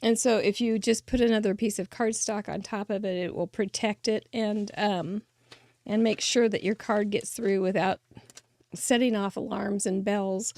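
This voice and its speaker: A middle-aged woman hosting a craft show, chatting warmly and gushing as she shows cards that viewers sent her. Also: mid-range voice, fairly even intonation, normal speed, no echo. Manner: chatty, gushing, laughs often. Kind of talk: casual chat showing mailed cards.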